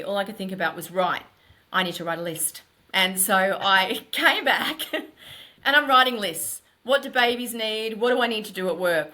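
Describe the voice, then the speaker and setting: A middle-aged woman, a podcast guest, telling her story in a candid, animated and emphatic way. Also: medium pitch. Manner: animated, emphatic, runs thoughts together.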